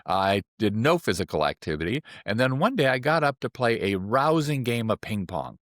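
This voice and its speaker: A man in his seventies, an acupuncturist, telling personal stories in a relaxed anecdotal way. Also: mid-range voice, moderate pace, dry recording, studio quality. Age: 70s. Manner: relaxed anecdotal, acting out quoted voices. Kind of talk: personal storytelling.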